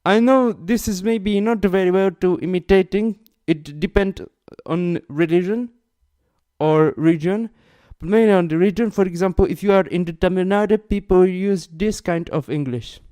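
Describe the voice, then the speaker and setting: A man putting on an Indian accent in English, lively and raised. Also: sits high, moderate pace, clear, resonant tone, no room sound, natural voice. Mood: cheerful.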